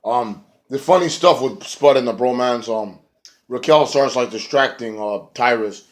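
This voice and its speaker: Brief: a man recapping wrestling, loose and rambling, swears a lot, jumps into quick impressions. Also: mid-range voice. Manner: rambling and profane, acts out quotes. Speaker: wrestling show reviewer. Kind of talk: casual recap rant.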